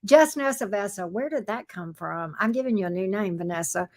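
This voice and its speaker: A woman's voice: mid-range voice, lively intonation, fairly quick, darkish tone. A woman hosting a live tarot reading stream, chatting casually with viewers, greeting them by pet names and talking through the cards with many fillers and restarts.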